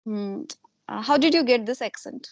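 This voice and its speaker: A woman's voice: fairly high pitch, no echo. A woman from India, a teacher politely asking questions in a conversation practice interview. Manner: polite, measured, asks questions. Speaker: English teacher and channel host.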